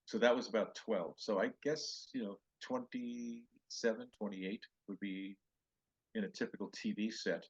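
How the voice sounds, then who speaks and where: A man's voice: lowish voice, steady tone, a little slow, slightly rough, lo-fi sound. An older male comedian telling road stories in a podcast interview, acting out other people's lines in raised voices. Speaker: comedian guest.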